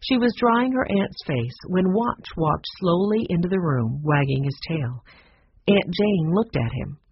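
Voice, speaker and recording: A narrator reading a children's chapter book aloud in a plain, measured storytelling manner. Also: medium pitch, animated, husky, dry recording, highs cut off. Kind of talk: audiobook narration.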